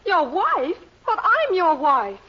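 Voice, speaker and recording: A woman's voice: high-pitched, expressive, unhurried. A woman playing a melodramatic, gushing wife in 1940s radio comedy acting, drawing out her words. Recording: dull 1940s radio broadcast, hiss.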